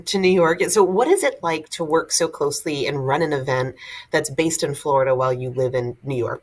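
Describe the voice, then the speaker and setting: A woman hosting an interview, asking measured questions and answering with short affirmations. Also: deep voice. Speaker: interviewer host.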